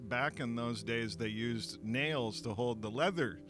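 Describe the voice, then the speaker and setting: A man's voice: mid-range voice, measured pace, a bit bright, faint music behind. Joking man with a Californian-Canadian accent. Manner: joking, dry quips. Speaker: co-host and guest. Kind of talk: casual chat.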